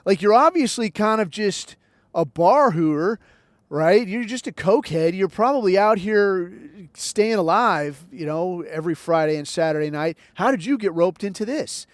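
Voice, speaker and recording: A man's voice: sits high, animated, normal speed, no room sound. Wry American man telling a story. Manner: loose, wry storyteller acting out other voices. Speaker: podcast host. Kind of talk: casual storytelling monologue.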